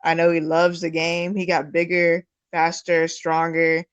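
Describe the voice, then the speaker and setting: A woman's voice: on the low side, completely flat delivery, a little slow, clear, resonant tone, no echo, dull audio. A woman co-hosting a casual sports talk show, blunt, heated and profane. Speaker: podcast co-host.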